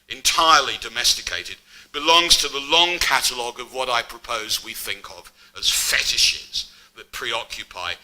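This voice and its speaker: A man's voice: lowish voice, sharp tone, poor audio. A middle-aged man giving an academic public lecture, mixing scholarly narration with wry asides.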